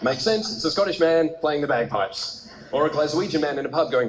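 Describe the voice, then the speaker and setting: An Australian man doing a stand-up comedy routine, telling stories conversationally and hitting punchlines with animated bursts. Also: a little high, brisk. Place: large comedy theatre stage with live audience. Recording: roomy live theatre sound with noisy audience.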